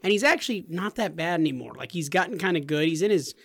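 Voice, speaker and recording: High-voiced teasing podcast co-host man. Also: animated, fast, creaky, slightly rough, no room sound. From Nebraska, US. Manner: teasing, chatty storyteller. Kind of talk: casual podcast banter.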